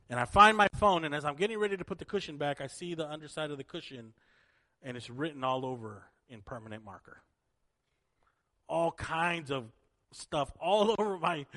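A middle-aged man, a pastor, preaching a sermon with a personal story and prayer, animated and rising to emphatic peaks. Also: a little high.

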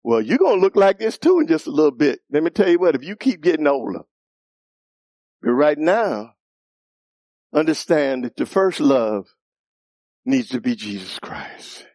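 A man preaching a sermon in a church, calling out questions to the congregation, teasing with laughs and rising to shouts. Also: fairly high pitch, sing-song, moderate pace, pauses often, no room sound, clean studio sound. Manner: playful teasing asides with laughter.

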